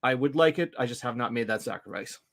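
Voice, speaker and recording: A man co-hosting a casual chat show, talking in halting bursts with many restarts. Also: medium pitch, lively intonation, a bit bright. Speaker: podcast co-host.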